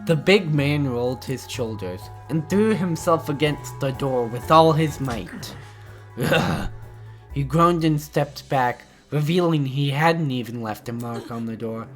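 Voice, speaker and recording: A gamer reading every line of a visual novel aloud, with excited, stammering reactions between lines. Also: medium pitch, takes it slowly, soft background music. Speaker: let's play gamer.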